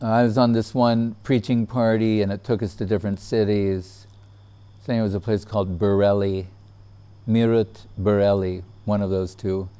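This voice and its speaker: A man telling a personal memory in casual storytelling, relaxed, laughing often and acting out what others said. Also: fairly low pitch, moderate pace, clean tone.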